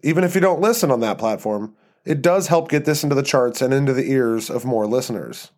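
A man reading a story aloud as narrator and host of his podcast, in an even, measured way. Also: mid-range voice. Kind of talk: scripted narration.

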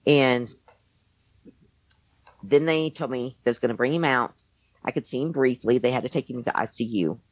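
Low-voiced woman telling a story, lo-fi. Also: normal speed, pauses often, dry recording. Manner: rambling, many fillers and restarts. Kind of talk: casual storytelling. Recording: dull lo-fi dry sound.

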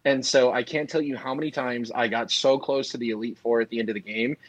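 Animated young man, dry close sound. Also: medium pitch, quick pace, dry recording, rough recording. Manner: animated, jumps in and interrupts. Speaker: podcast co-host. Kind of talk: casual chat.

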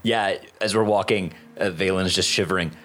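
A man's voice: deep voice, fairly even intonation, normal speed, a bit bright, a little hiss or hum. A man playing in a tabletop game, speaking in a matter-of-fact way. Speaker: player. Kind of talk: casual tabletop play.

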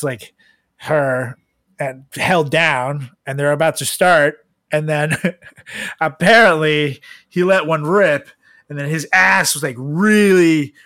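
A man co-hosting a casual podcast, swearing freely, laughing often and breaking into loud bursts. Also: on the high side, no echo. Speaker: podcast co-host. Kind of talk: casual crude comedy chat.

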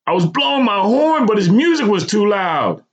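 Worried kind meter reader guy, voice pushed way up high, urgent and soothing as a deep-voiced narrator puts him on, muffled lo-fi. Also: lively intonation, moderate pace, husky. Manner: urgent, soothing street talk.

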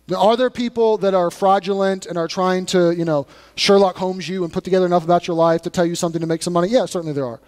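High-voiced man preaching in a reverberant hall. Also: steady tone, fast talker, hardly any pauses, darkish tone. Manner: emphatic, conversational preaching with blunt warnings. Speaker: pastor. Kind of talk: sermon. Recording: long reverb of a large room.

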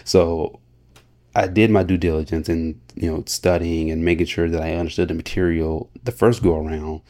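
A man with a low, dark, mellow voice hosts a solo podcast. He talks casually and earnestly, in a motivational tone, laughing often and restarting his sentences as he goes. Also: steady tone, normal speed. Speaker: podcast host.

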